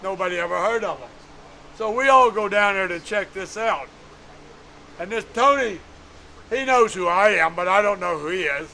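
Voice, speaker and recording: Folksy old guy in his 90s showing folks around his museum, gravelly, chuckles a lot. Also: sits high, moderate pace, pauses often, pushed and bright, slight background noise, low-quality recording. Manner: folksy, chuckling, plain-spoken. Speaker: museum owner giving a tour. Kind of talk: storytelling on a guided tour.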